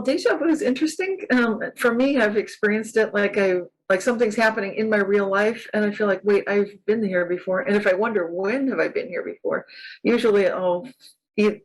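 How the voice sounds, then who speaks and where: In a low-quality recording, a California author speaks at medium pitch while casually chatting as an interview guest. She comes across enthusiastic and spiritual, laughing often.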